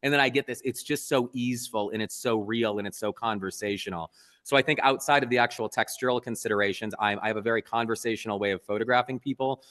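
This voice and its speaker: Male photographer guest, earnest and lively storyteller, long room reverb. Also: mid-range voice, fast. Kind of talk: casual interview talk.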